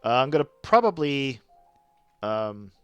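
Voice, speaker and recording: A young Canadian man streaming gameplay live, chatting excitedly with viewers and apologizing a lot. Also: mid-range voice, a little slow, clean tone, dull audio, soft background music.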